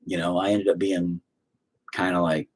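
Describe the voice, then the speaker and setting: Male podcast host, husky, profane, animated casual rant. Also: low-pitched, normal speed. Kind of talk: casual ranting chat.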